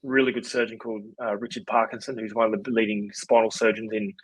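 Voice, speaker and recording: A man's voice: lowish voice, fast, husky, no echo, rough recording. Australian man telling a long story. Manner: relaxed, rambling with many fillers. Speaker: podcast guest, former rugby league player. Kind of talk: casual storytelling interview.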